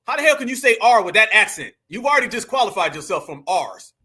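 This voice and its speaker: A man's voice: high voice, very animated, fast talker, bright, forceful tone. A man hosting a reaction commentary, talking to viewers as family in a mocking, emphatic way. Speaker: commentary channel host.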